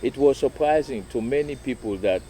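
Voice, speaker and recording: Man, interviewee, halting recall; dark mellow tone. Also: medium pitch, slight background noise. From Sierra Leone. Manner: halting, with restarts. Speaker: interviewee, musician. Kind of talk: reminiscing interview.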